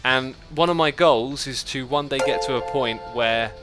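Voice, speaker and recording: A man with a mid-range voice speaks at a moderate pace over music. He's hosting a livestream of a building game, chatting casually, thinking aloud as he builds, and reading out viewer messages along the way.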